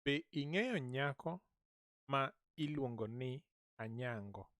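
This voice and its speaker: Male teacher, unhurried delivery, dry close sound; repeats each phrase patiently. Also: medium pitch, expressive, fairly bright tone. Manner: repeats phrases slowly for listeners to echo. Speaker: language teacher. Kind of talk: slow repeated language lesson.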